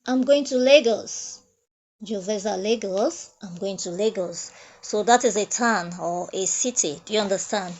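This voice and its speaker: A woman teaches French grammar at a classroom whiteboard, saying each example twice. She speaks very slowly and patiently. The recording sounds muffled and lo-fi. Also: mid-range voice, a little mellow. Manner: repeats phrases slowly, explains step by step. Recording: dull lo-fi sound.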